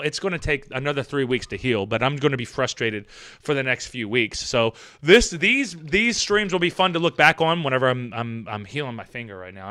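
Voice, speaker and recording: A man's voice: medium pitch, bright, forceful tone. A young man streaming live, reading out chat comments and ranting with plenty of swearing.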